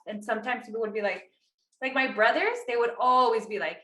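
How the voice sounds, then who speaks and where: Thirties woman, podcast co-host, chatty and animated, crisp bright tone, echoey room. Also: a little high, a little fast. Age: 30s. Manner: chatty, lots of "like" fillers, acts out quotes. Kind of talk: casual chat.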